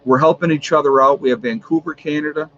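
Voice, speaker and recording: A man's voice: fairly high pitch, quick pace, a bit bright, muffled recording, a little hiss or hum. A man hosting a casual home livestream, rambling easily and reading off viewers' locations one after another. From New York. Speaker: livestream host. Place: at home with a fan running.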